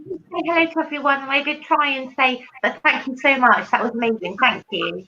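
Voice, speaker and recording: A woman with an English accent chatting on a live stream, bubbly and quick to laugh. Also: sits high, lo-fi sound, background noise. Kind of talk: casual live-stream chat.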